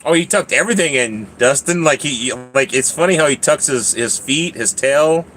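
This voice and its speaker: A man's voice: fairly high pitch, animated, moderate pace, a bit bright, slight background noise. A man hosting a casual livestream, rambling, laughing often and talking to his cat. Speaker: livestream host.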